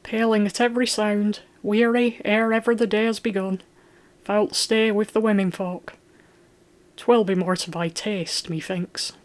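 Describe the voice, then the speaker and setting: A blustering medieval lord, loud and gruff, who barks out his orders in old-fashioned speech, as an audiobook reader puts him on. He is a middle-aged man with a hot temper and a hearty, commanding sound. His voice sits a little higher and much louder than the storytelling. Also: little pitch movement, unhurried, lightly acted. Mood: jeering. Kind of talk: audiobook character voice.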